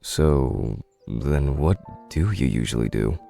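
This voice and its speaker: A man voicing a gruff, teasing male Drake partner in a video game, with a dry, blunt manner. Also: rumbling low, expressive, slow pace, mellow, faint music behind, full character voice.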